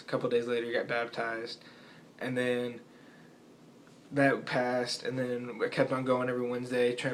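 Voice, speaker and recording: Teen boy rambling thru his testimony, pretty monotone, "i was like" every other line. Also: mid-range voice, slight background noise. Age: teens. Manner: rambling, retells chats with "I was like". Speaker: student sharing his faith testimony. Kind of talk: casual personal testimony.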